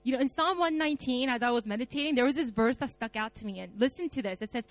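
A woman pastor preaching a conversational sermon, animated, with many fillers and laughs. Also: on the high side, quick pace, hardly any pauses, no room sound, faint music behind. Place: church service.

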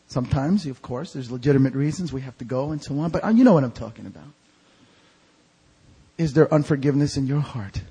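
This evangelical sermon comes from a male pastor in a church sanctuary, who quizzes his congregation with fill-in-the-blank prompts and moves from hushed to shouted delivery. He has a husky, mid-range voice, captured on a low-quality recording.

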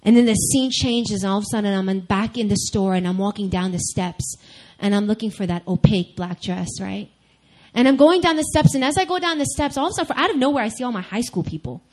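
A young adult woman giving a sermon-style personal testimony, candid and animated, speaking straight to her listeners. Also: mid-range voice, quick pace, poor audio.

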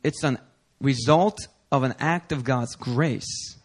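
A man's voice: mid-range voice, slow. A male pastor preaching a sermon in an earnest, emphatic way, building intensity through repetition.

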